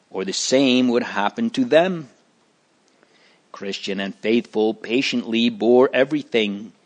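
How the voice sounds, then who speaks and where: Slow, measured male storyteller. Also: lowish voice. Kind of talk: scripted storybook narration.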